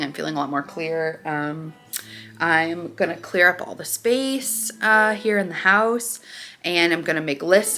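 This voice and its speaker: A woman's voice: lowish voice, bright, forceful tone. A young woman chatting in a vlog, bubbly and gushing, filling her talk with "like" and "oh my God". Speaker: vlogger. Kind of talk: casual vlog chat. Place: in a car at a drive-through.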